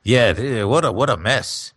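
A man's voice: medium pitch, a bit bright, dry recording. A man co-hosting a podcast in casual chat, wisecracking and reading news bits. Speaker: podcast co-host.

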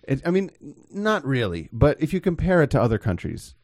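A man's voice: fairly high pitch, very animated, brisk, darkish tone, dry recording, studio quality. A man hosting a casual chat, talking in a conversational, questioning way.

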